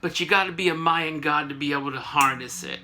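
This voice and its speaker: A man's voice: fairly high pitch, brisk, sharp tone, slight background noise, voice pushed down. A man voicing a cheeky older male comic book editor, wry and tongue-in-cheek.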